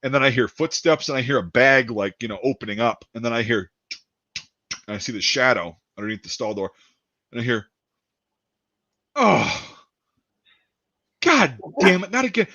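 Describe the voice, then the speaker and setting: A man telling a rambling story in a casual chat, animated, laughing and swearing a lot. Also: medium pitch, fairly quick. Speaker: podcast host. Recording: dull dry lo-fi sound.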